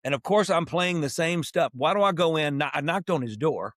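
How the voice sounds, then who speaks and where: A man in his sixties, a musician and podcast co-host, tells stories in casual chat and animatedly acts out the dialogue he quotes. His voice is a little high and brisk, recorded in studio quality with no echo.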